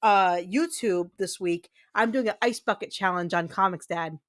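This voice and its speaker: A woman hosting a casual livestream chat, chatty and giggly with quick bursts of excitement. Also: lowish voice. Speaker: livestream host.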